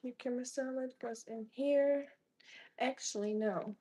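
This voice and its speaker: A woman's voice: high voice, steady tone, a little slow, dark tone, breathy edge, low-quality recording. A woman live streaming as she cooks in her home kitchen, chatting casually, greeting viewers by name and making teasing jokes. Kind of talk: casual live-stream chat while cooking.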